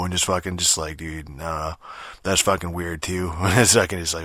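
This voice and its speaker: A man's voice: low voice, level tone, moderate pace, bright, forceful tone, no echo, clean studio sound. A man giving a casual, rambling game review, swearing constantly and full of fillers and restarts.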